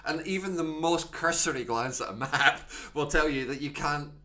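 A Scottish man talks through a story on a casual podcast, pointing out its flaws and circling back with frequent restarts. His voice is bright and lively. He sounds thoughtful rather than angry. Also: fairly high pitch, moderate pace. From Scotland. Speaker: podcast co-host.

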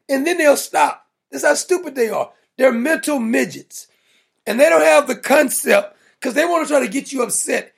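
A man's voice: extremely high pitch, vocal fry, breathy edge. A man hosting a political commentary show, mocking and blunt, laughing at his own jokes. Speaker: show host.

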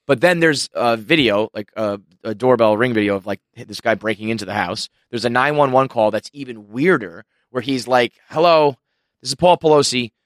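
A man's voice: mid-range voice, moderate pace, hardly any pauses, no room sound. Rambling young man, dry sound. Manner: rambling storyteller, swears, laughs often. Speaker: podcast co-host. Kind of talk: casual chat.

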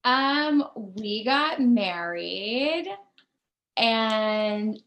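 Slow-talking wry woman performer. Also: a little high, expressive, fairly bright tone, low-quality recording. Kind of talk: Q&A chat.

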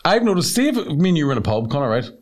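Talking rapid-fire in a fairly high voice, this man co-hosts a laid-back comedy podcast. Expect plenty of jokes, liberal swearing, lively energy, and goofy character voices.

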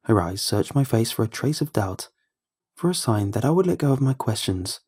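A man giving scripted first-person horror narration in a measured, ominous manner. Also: medium pitch, animated, a little mellow, slightly rough.

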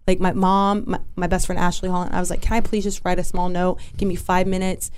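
A woman telling a personal story in an interview, candid and halting, with restarts and asides. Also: lowish voice, little pitch movement, a little hiss or hum. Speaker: interview guest.

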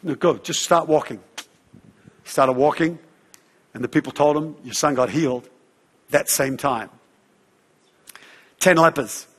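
Husky preacher man in a reverberant hall. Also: fairly high pitch, measured pace, long pauses. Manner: animated storyteller, acts out voices, fillers like "uh" and "you know". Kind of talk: sermon storytelling.

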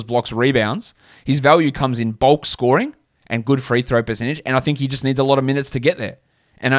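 A man's voice: mid-range voice, no echo, studio quality. A young man hosting a solo fantasy basketball podcast, talking bluntly and casually with slang while he rattles off stats.

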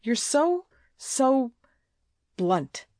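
A woman's voice: sits high, very animated, drawn-out words, darkish tone, dry recording, studio quality, pitched above the performer's own voice, heavily acted. A woman voicing a crafty, whining teenage schoolgirl who pleads and stammers tearfully in a storybook reading.

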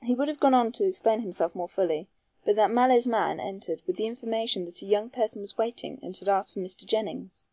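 Mellow woman reading a novel. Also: mid-range voice, a little fast, dry recording, dull audio. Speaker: audiobook reader. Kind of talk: scripted narration.

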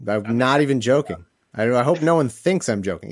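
Lively laughing male podcast host. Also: medium pitch, brisk, no echo. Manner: laughing, self-mocking, profane. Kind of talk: casual chat with listeners.

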